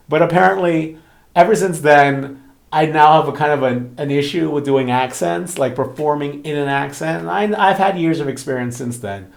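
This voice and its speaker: A man's voice: fairly high pitch, normal speed, gravelly. A man, a romance author and channel host, telling a story in casual chat with lots of fillers and acted-out quotes. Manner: animated storytelling, frequent fillers, acts out quoted voices. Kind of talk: casual talking-head chat.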